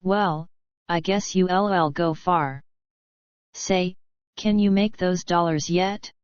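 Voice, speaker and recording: Audiobook: woman reading suspicious gruff boss man, slow and smooth. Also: lowish voice, no room sound. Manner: blunt, suspicious, hot-tempered. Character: gruff menacing male lodge boss. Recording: dull lo-fi.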